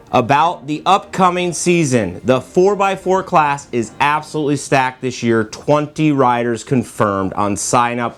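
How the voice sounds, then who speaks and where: A man hosting a racing preview video in a playful, teasing, self-mocking way. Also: mid-range voice. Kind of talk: joking sports-preview vlog.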